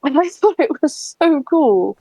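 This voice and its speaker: A woman's voice: high voice, lively intonation, a little slow, warm tone, low-quality recording. A woman in her twenties with a Somerset accent, chatting casually on a gaming stream, laughing often and poking fun at herself. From Somerset, England. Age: 20s. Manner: chatty, giggly and self-deprecating. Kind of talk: casual chat while gaming.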